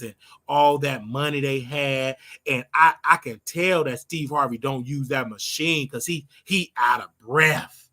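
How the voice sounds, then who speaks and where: A man's voice: mid-range voice, measured pace, pushed and bright. An older man hosting his own show, giving a brash, scolding commentary monologue and drawing out words for emphasis. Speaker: show host.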